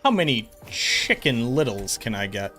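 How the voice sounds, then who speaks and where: Male streamer, mid pitch, loose profane banter with chat, faint music underneath. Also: big pitch swings, normal speed, bright, forceful tone. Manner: joking, profane, riffs on chat comments. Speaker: game streamer. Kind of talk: casual live-stream chat with viewers.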